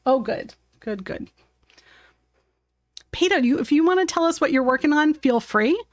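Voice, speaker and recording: A woman's voice: sits high, animated, normal speed, dry recording. A woman chatting casually on a live art stream while she paints at her home desk, talking to her cat and viewers and laughing often.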